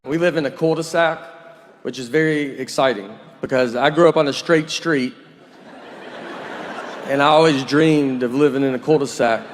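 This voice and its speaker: A man's voice: mid-range voice, moderate pace, pauses often, a crowd in the background. A man in his forties doing a stand-up comedy routine, dry, rambling and self-deprecating. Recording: noisy live recording.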